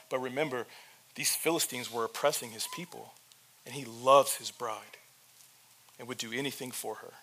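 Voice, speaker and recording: A pastor preaching, retelling the story with humor and speaking directly to the church. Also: male voice, medium pitch, steady tone, moderate pace, pushed and bright, a little hiss or hum. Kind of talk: sermon.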